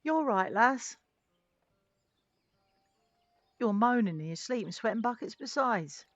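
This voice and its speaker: A woman voicing a friendly older male cart driver in a game, trying a rough Scottish-flavoured burr as she reads his lines. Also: medium pitch, expressive, fairly quick, no room sound, lo-fi sound, faint music behind, close to an everyday voice. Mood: reassuring. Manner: folksy, reassuring, a rough attempt at a Scottish burr.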